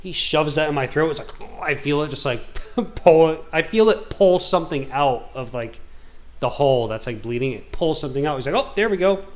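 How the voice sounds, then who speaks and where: A man's voice: a little high, fairly quick, a little mellow. Rambling, slangy man telling a story. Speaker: gaming video host. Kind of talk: casual storytelling while gaming.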